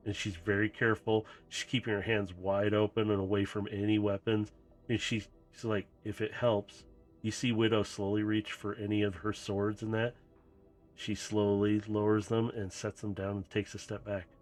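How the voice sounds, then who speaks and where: A man's voice: on the low side, level tone, normal speed, faint music behind. A man running a tabletop game as game master, narrating loosely and casually.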